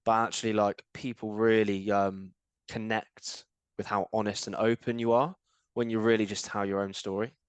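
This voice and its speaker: A man hosting a music podcast, relaxed and encouraging, with many "like" fillers. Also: on the low side, normal speed, clear, resonant tone, no room sound. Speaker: podcast host. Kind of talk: casual podcast interview.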